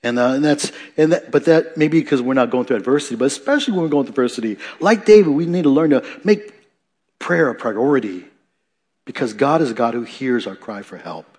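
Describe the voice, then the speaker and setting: A man preaching a sermon, rising loud for emphasis, dropping soft, with chatty asides and self-corrections. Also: medium pitch, fairly quick, slightly rough. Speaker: pastor.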